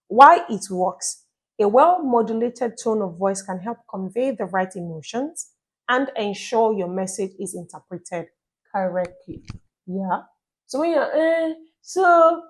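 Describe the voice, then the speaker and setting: A woman giving relationship tips in a casual vlog, chatty and lively, often checking in with the listener. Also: mid-range voice, husky. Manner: chatty, asks listeners "you get my point?"; acts out little scenes with playful quoted voices. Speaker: relationship advice vlogger.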